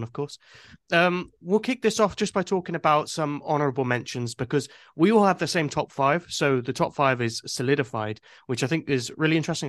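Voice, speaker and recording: A man's voice: mid-range voice, fairly bright tone, no echo. Chatty man hosting a podcast. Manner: chatty, loose, with many fillers and restarts. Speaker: podcast host. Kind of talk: casual football podcast chat.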